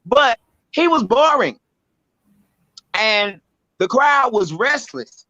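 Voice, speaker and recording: A Southern woman spins a story in a bright, forceful voice, blunt and animated, with salty language. The audio is dry and dull, like a lo-fi podcast mic close up. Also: a little high, takes it slowly, no room sound. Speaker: spoken word poet, guest. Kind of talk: casual storytelling. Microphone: podcast microphone.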